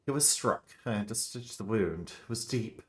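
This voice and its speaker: A man voicing a composed, evasive male doctor with a put-on Italian accent, speaking well above his own pitch. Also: expressive, normal speed, lightly acted.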